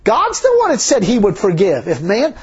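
A man's voice: high-pitched, wildly swooping pitch, moderate pace, slightly rough. A man preaching a sermon in a folksy, emphatic way, full of rhetorical questions. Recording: dull lo-fi sermon recording.

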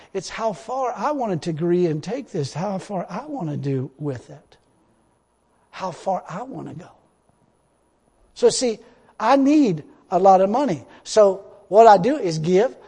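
A middle-aged male preacher delivers a sermon in a notably high voice. He is emphatic and repetitive, chuckling between points and calling out praise. The sound rings with the long reverb of a large hall. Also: dark tone. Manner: emphatic, repetitive, punctuated with laughs and "Hallelujah".

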